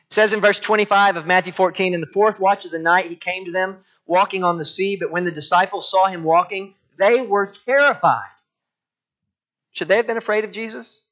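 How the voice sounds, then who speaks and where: A middle-aged man preaching a sermon, dropping to quiet tones and rising again as he acts out voices from the text. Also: on the high side. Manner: dramatic shifts from quiet to loud, acting out quoted voices. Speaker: pastor. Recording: dull lo-fi sound.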